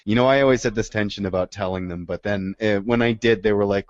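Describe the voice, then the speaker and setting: Man co-host, low voice, lively storyteller, dry dull studio sound. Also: fast talker, no room sound. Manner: animated storyteller, acts out quoted people. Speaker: podcast co-host. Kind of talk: casual podcast storytelling. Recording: dry, dull podcast audio.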